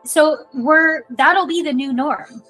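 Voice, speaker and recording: A woman's voice: high-pitched, takes it slowly, bright, forceful tone, faint music behind, poor audio. A woman guest talking in a casual conversational way, full of "like" and "you know".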